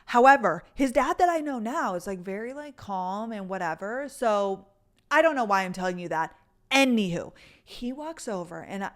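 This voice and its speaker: A woman's voice: medium pitch, expressive, normal speed. A young woman vlogger telling a rambling story to her viewers, with lots of filler words and swearing. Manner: rambling, chatty, full of "like" and cursing. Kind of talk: casual storytelling to camera.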